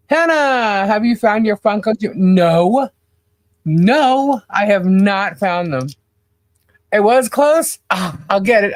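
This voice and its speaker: A woman's voice: mid-range voice, no room sound. A woman co-hosting a casual livestream, chatting and greeting viewers by name with frequent laughs. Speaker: podcast co-host.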